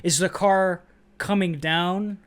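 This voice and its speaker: Young man, co-host, a bit high-pitched, eager and opinionated, casual chat. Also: steady tone, slow, a bit bright, smooth. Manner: enthusiastic, opinionated. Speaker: podcast co-host.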